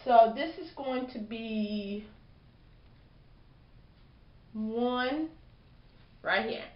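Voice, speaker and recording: A woman's voice: a little high, very slow. A young woman chatting casually in a hair vlog, telling a story and acting out what people said. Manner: chatty storytelling, acts out quotes. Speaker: hair vlogger. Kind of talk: casual chat. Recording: roomy lo-fi home video.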